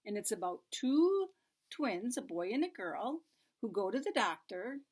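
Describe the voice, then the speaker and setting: A woman reads picture books aloud to very young children, taking her time over each line. Her voice sits a little high and turns playful and expressive, then drops to a soft hush when she talks to the little ones. She sounds like a story time reader.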